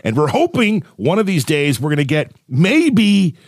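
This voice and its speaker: A man's voice: a little high, huge pitch swings, measured pace, dry recording, clean studio sound. A man hosting a podcast, chatting casually and joking with his guests. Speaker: podcast host. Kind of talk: casual chat.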